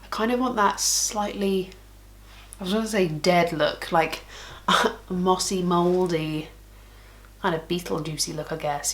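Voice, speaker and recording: A woman's voice: on the low side, measured pace, fairly bright tone. A woman makeup vlogger chatting casually through a tutorial, giggly and thinking aloud as she works.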